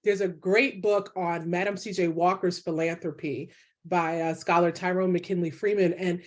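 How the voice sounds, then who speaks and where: A woman historian speaking as an interview guest, earnest and quick to laugh. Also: on the low side, steady tone. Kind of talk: conversational interview.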